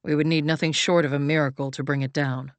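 A woman voicing a grave, protective male guardian who speaks in a calm, low, steady way. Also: quick pace, no echo, close to an everyday voice.

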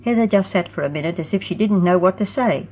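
A woman narrating a storybook in a steady, even reading voice. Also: lowish voice, quick pace, a little hiss or hum. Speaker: audiobook narrator. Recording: tinny phone-like sound.

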